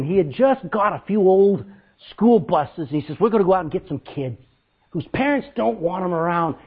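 A man preaching a sermon, telling stories loudly and acting out what people said. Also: high-pitched, phone-quality sound. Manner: loud, animated preaching with acted-out quotes. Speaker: pastor. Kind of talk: storytelling sermon.

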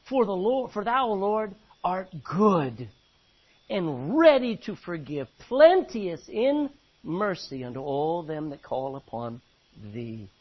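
A man preaching a sermon, swinging between loud emphatic bursts and quiet, low asides. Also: sing-song, takes it slowly, slightly rough, muffled recording. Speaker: pastor.

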